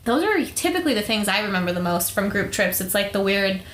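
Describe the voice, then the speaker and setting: A woman's voice: mid-range voice, sing-song, fast talker, a bit bright, echoey room, slight background noise. A woman co-hosting a podcast, talking casually and filling her speech with "like". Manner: chatty, peppered with "like". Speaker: podcast co-host. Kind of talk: casual chat.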